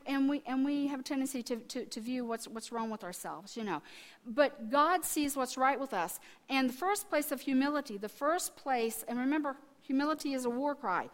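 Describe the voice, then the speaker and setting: Swinging from soft asides to loud, forceful testifying, a fairly high-voiced woman in her fifties delivers a sermon. She weaves family stories throughout her preaching.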